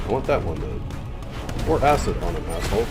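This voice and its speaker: A man's voice: very animated, brisk, over music. Muttering man streaming a game. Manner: muttering, swearing, low-key. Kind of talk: casual gameplay commentary.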